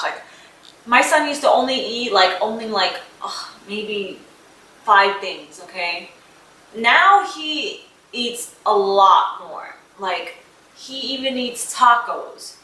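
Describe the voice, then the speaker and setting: Chatty mom vlogger in an echoey room. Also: female voice, medium pitch, sharp tone, recorded from a distance. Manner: heartfelt, chatty, many fillers like "like" and "um". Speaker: vlogger, mother of an autistic son. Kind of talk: casual talk to camera. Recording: echoey room, voice a bit off-mic, faint noise.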